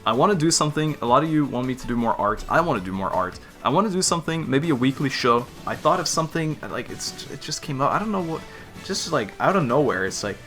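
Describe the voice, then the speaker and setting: A man's voice: on the high side, animated, fast talker, a bit bright, soft background music. A man from the Netherlands, a YouTuber answering viewer questions in a casual chat, laughing easily and poking fun at himself. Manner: chatty, laughs easily, self-deprecating.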